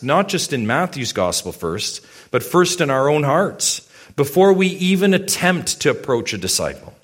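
A man's voice: on the high side, fairly bright tone. A male pastor preaching a sermon. He speaks emphatically, poses many rhetorical questions and addresses his congregation directly.

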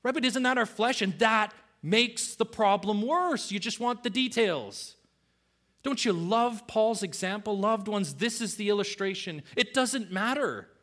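A middle-aged man preaching a sermon as pastor, dropping low and quiet, then rising loud for emphasis. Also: animated, a little slow.

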